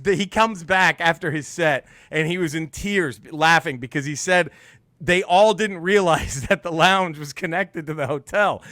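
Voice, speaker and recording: Comic male storyteller, high and bright voice, dry close sound, laughs through his lines. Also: no echo. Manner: animated, laughing storyteller who acts out quotes. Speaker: podcast co-host, stand-up comedian. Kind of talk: casual storytelling chat.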